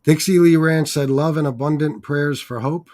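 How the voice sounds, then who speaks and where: A man's voice: fairly high pitch, normal speed, a little mellow. A man hosting a casual chat with his mother, reading viewer comments aloud in a profane, hesitant way and getting choked up. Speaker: channel host.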